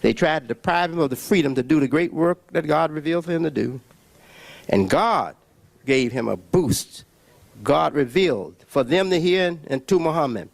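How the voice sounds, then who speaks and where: A man preaches in a fairly high, gravelly voice, leaning hard on words and pausing often between phrases. His pitch swoops up and down as he drives his points home. The sound is dry and close. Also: no echo. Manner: emphatic with long pauses and repetitions. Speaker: religious speaker. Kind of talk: preaching religious lecture.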